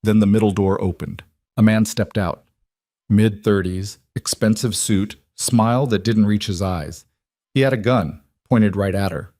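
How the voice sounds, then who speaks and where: Low male narrator reading a drama story, dry close sound. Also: unhurried, a little mellow, dry recording. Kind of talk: scripted romance narration.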